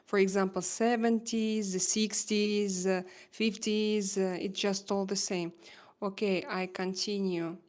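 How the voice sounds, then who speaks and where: A woman's voice: mid-range voice, flat delivery, measured pace, a little mellow. Russian accent lady chatting on her livestream, reads comments, lots of uhs. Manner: chatty, reads viewer comments aloud, many fillers. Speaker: live stream host. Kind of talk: casual live stream chat.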